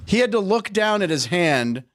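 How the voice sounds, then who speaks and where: A man hosting a sports comedy show, his voice a touch high and bouncing all over as he jokes. The sound is dry and close, with no room around it. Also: moderate pace, no echo. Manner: jokey, animated, goofs with accents. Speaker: host. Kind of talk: casual sports chat.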